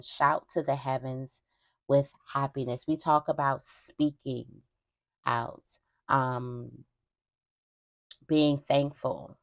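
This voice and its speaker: A young woman with a low, grounded voice speaks straight to her viewers in a spiritual reading. She talks in a loose, conversational flow, circling back and repeating phrases for emphasis. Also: little pitch movement, takes it slowly, long pauses. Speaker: tarot reader.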